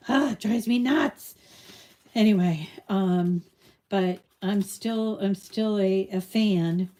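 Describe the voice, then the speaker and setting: Slow, mellow-voiced woman crafting host. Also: medium pitch. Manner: rambling, chatty, drifts off on tangents. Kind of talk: casual live crafting tutorial chat.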